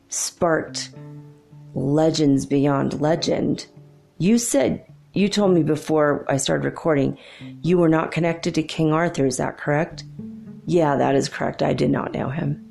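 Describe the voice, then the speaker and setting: A woman's voice: deep voice, creaky. A woman hosting a live spirit-channeling session, chatty and self-deprecating, often laughing. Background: soft guitar music.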